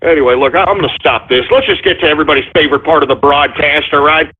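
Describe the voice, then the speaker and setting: A man hosting a comedic call-in radio show, theatrical and exasperated, with mock whining and shouting. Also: a little high, racing, husky. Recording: tinny lo-fi broadcast.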